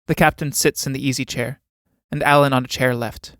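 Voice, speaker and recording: A man reading a play aloud, giving the stage directions in an even, matter-of-fact way. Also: mid-range voice, fairly quick, few pauses, dry recording, studio quality.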